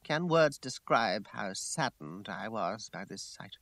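A man's voice: fairly low pitch, expressive, takes it slowly, fairly bright tone, no echo. Man reading a dramatic first-person story. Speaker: audiobook narrator. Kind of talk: scripted narration.

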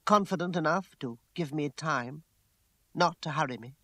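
A man's voice: fairly high pitch, normal speed, bright, forceful tone, no echo. A man voicing a distraught young woman, raised and tearful. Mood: wary. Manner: raised, emotional, pleading lines. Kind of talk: audiobook character voice.

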